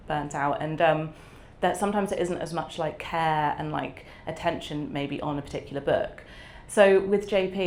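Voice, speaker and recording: A woman's voice: deep voice, vocal fry, a little mellow, slight background noise. A woman author, talking candidly and reflectively at a live event, with lots of fillers and easy laughter. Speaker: author guest. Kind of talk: candid conversational interview.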